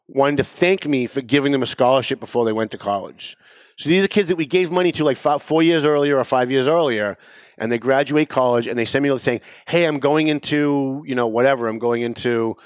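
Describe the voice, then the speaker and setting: A man's voice: mid-range voice, no room sound. Emphatic man hosting talk radio. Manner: animated, emphatic, repeats phrases.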